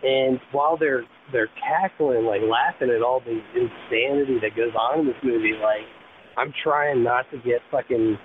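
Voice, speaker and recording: A man's voice: mid-range voice, a little hiss or hum. Man on a tinny phone line. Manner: halting, many restarts, laughs easily. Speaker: podcast host. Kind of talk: casual chat. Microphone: phone call.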